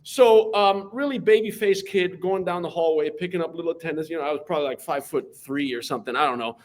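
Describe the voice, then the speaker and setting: A man, lively animated storyteller. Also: fairly high pitch, fast. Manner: animated, lively storyteller who acts out voices. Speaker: guest, math teacher. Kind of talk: anecdotal interview storytelling.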